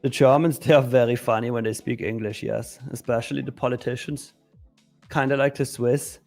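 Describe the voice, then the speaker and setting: A man's voice: mid-range voice, steady tone, moderate pace, vocal fry, a little mellow, faint music behind, close to an everyday voice. A man putting on a German accent, clipped and matter-of-fact, tacking "yes" onto his lines. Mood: deadpan. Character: stiff man speaking English with a heavy German accent.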